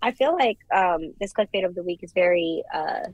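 A young woman co-hosting a casual podcast chat, gushing and animated as she gives her opinions. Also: lowish voice, moderate pace, no echo, lo-fi sound. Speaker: podcast co-host.

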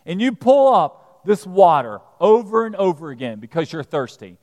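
A preacher voicing a calm, all-knowing male teacher who speaks directly and gently confronts. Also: high-pitched, normal speed. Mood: earnest. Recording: reverberant church hall.

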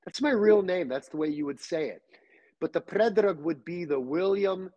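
Serbian-accented man, animated chat. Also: high voice, moderate pace, no room sound, lo-fi sound. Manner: animated, loose storytelling with many fillers. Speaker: podcast guest. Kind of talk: casual chat.

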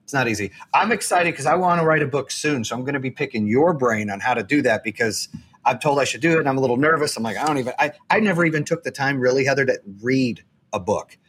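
A man's voice: medium pitch, expressive, fast, fairly bright tone, slight background noise. A man hosting a podcast, chatting casually and earnestly, rambling with frequent restarts. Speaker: podcast host. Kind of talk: casual interview chat.

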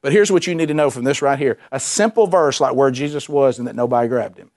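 A man preaching a sermon, animated and emphatic, repeating himself and dropping suddenly to a quiet voice. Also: mid-range voice, fast talker, hardly any pauses. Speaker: pastor.

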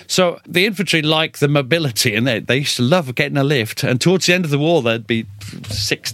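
A middle-aged male historian talks through an interview with a lively, swooping delivery, hammering points home by repeating words. The sound is dry and close, with no room around it. His pitch sits in an ordinary middle register. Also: no echo. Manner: animated, repeats words for emphasis. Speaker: military historian. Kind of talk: interview, storytelling.

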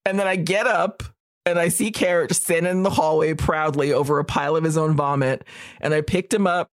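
A woman in her thirties co-hosting a podcast, telling stories in a casual, animated way and often breaking into laughter. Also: low voice, brisk, no echo, studio quality. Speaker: podcast co-host. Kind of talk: casual chat.

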